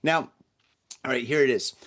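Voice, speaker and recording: A man's voice: mid-range voice, normal speed, fairly bright tone. A man hosting a podcast, telling a story in a casual, rambling way, often repeating words and acting out the people he quotes. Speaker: podcast host. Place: lives in Tokyo.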